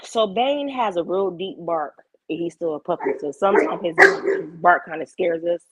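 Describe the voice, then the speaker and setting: A young woman chatting casually on a livestream, blunt and animated, cursing freely. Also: fairly low pitch, moderate pace, husky, no echo, muffled recording.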